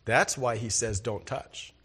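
A man's voice: medium pitch, a little slow, a bit bright, slightly rough. A man preaching a sermon as pastor, emphatic and asking the congregation rhetorical questions.

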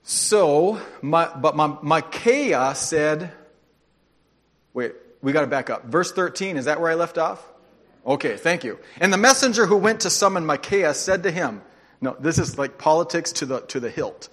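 A man's voice: on the high side, expressive, moderate pace, fairly bright tone. A man preaching a sermon, reading scripture aloud with playful, sarcastic asides. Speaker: pastor.

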